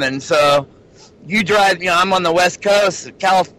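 A man guest in casual chat who has a lisp on his S and TH sounds because he speaks without teeth, excitable, calling people "baby". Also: high-pitched, measured pace, poor audio. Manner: excitable, calls others "baby".

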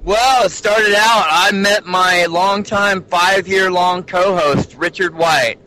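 A man guest in casual chat who has a lisp on his S and TH sounds because he speaks without teeth, excitable, calling people "baby". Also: high-pitched, takes it slowly, poor audio. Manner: excitable, calls others "baby".

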